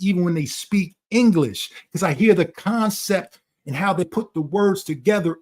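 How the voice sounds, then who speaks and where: A man's voice: fairly high pitch, a little mellow. A man talking in a blunt, profane, lecturing way during a casual conversation. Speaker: channel host.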